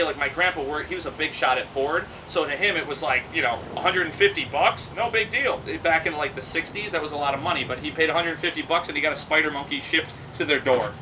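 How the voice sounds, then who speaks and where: Animated, high-voiced man. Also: far from the mic, background noise. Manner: animated, laughs often, acts out quoted voices. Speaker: pet monkey owner. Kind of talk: casual storytelling.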